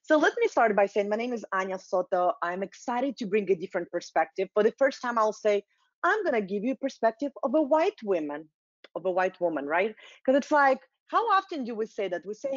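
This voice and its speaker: Russian-accented woman giving an animated talk. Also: mid-range voice, dry recording, muffled recording. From Soviet Union, Russia. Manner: animated, acts out quoted voices, emphatic slowed phrases. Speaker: culture consultant, speaker. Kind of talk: presentation talk.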